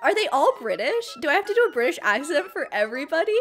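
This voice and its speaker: A woman's voice: sits high, very animated, fast talker, hardly any pauses, fairly bright tone. A woman hosting her gaming channel, giving playful, giggly let's play commentary into a desk microphone. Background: game music.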